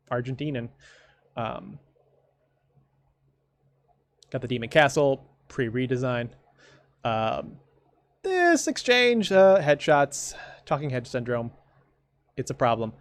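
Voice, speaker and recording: A man giving casual commentary on his own comic, rambling along with dry, sarcastic asides. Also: medium pitch. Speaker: comic creator.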